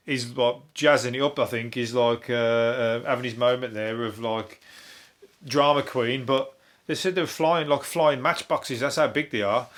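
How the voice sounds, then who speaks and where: A man's voice: medium pitch, fairly bright tone. A man with a Birmingham accent hosting a comic news review podcast, rambling through stories with constant swearing and laughing at his own jokes. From England. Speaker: comedian podcast host.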